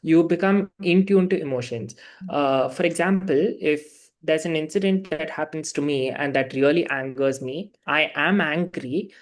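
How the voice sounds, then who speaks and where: A man, a class participant sharing his experience in a halting, reflective way. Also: on the high side.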